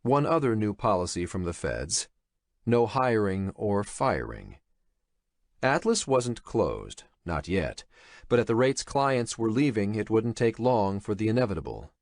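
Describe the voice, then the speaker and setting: A man narrating an audiobook in a dramatic, expressive reading style. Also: on the low side, unhurried, dry recording, studio quality. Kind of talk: scripted narration.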